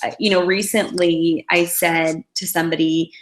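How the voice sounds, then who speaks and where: A woman's voice: on the low side, steady tone, normal speed. A young woman giving a casual motivational talk as a team leader, telling stories in a chatty way with many fillers. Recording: roomy echo.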